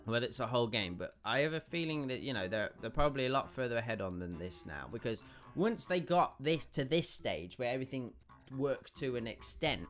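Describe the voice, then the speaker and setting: Gamer guy, croaky and bunged up, bright and animated, rambling commentary over faint game music. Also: medium pitch. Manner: rambling, thinking aloud with frequent restarts. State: congested and croaky. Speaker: gaming YouTuber. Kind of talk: gameplay commentary.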